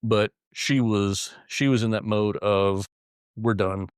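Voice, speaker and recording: Male officer, interview guest: low voice, dry and close, profane, halting restarts. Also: steady tone, smooth, no room sound. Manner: heavy swearing, frequent restarts and repeated words. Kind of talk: casual interview storytelling.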